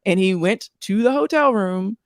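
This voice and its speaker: A woman's voice: mid-range voice, lively intonation, moderate pace, no room sound, studio quality. A woman on a podcast in casual chat, explaining events and retelling what others said. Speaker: podcast guest.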